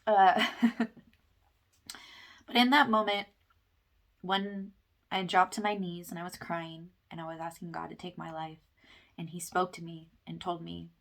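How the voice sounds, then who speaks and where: A young woman, a wellness vlogger, gives a personal testimony about a spiritual awakening, earnest and rambling with fillers like "like" and "you know." Her voice is fairly low and creaky, with fairly even intonation, a measured pace, and frequent pauses.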